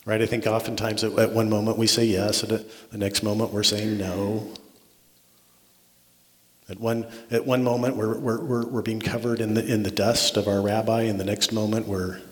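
A man's voice: on the low side, little pitch movement, moderate pace. A man preaching a sermon as a pastor, earnest, often restarting words and checking in with "right?". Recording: long reverb of a large hall.

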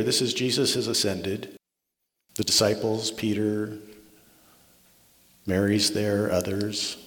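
A man delivers a sermon in a low, earnest voice, circling back on his words and tossing in "right?" as he goes. His voice rings out with the long reverb of a large hall. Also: a bit bright. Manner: earnest, repeats words and restarts, asks "right?" often. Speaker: pastor.

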